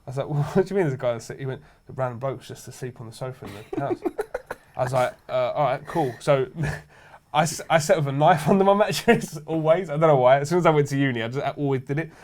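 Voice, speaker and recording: A man's voice: medium pitch, fast talker, darkish tone. A young man telling rowdy anecdotes in casual chat, swearing freely and laughing as he goes. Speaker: show regular.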